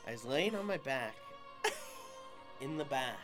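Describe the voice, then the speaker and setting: A man's voice: mid-range voice, lively intonation, a little slow, over music. A young man from Canada hosts a casual chat. He rambles through stories with plenty of fillers and self-deprecating humour. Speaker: podcast host.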